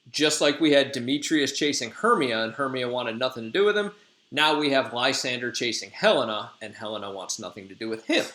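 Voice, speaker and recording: A teacher in his thirties retells a play in a casual lesson, using chatty, jokey, slang-filled talk. His mid-range voice sounds pushed and bright, and the room is echoey.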